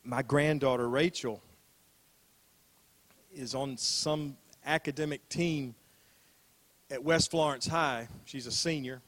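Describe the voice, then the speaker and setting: A man's voice: medium pitch, fairly even intonation, slow, long pauses, fairly bright tone. An older man preaching a sermon as a pastor, talking in a conversational way, repeating phrases and asking rhetorical questions.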